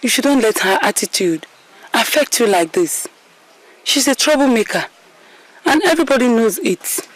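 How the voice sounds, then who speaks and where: Woman playing a sweet nigerian princess, high voice, reassuring. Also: expressive, normal speed, long pauses, slight background noise, close to an everyday voice. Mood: gentle. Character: young royal princess, kind and protective. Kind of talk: film drama acting.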